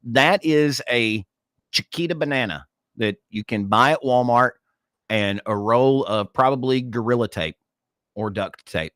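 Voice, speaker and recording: Man, podcast co-host, joking casual chat, mid pitch, dry close mic. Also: measured pace, fairly bright tone, no echo. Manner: joking, talks over others.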